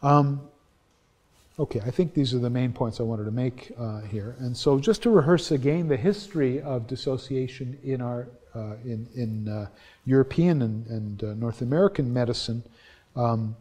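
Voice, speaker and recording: A man's voice: mid-range voice, moderate pace, dark tone. A middle-aged man giving a university lecture in a conversational, anecdotal way, often restarting his sentences.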